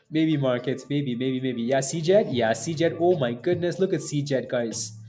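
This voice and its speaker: A man's voice: mid-range voice, slow pace, mellow, faint music behind. A man hosting a day-trading livestream in casual chat, joking, laughing often and bantering with viewers and his phone assistant. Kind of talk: casual live-stream chat.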